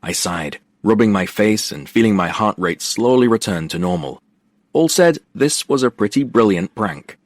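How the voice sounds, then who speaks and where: A man with a very low voice reads a first-person romance novel with wry, expressive timing. The recording is dry and close, with no room sound. His storytelling stays lively across voices. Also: moderate pace, no echo. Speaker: audiobook narrator. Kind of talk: first-person scripted narration.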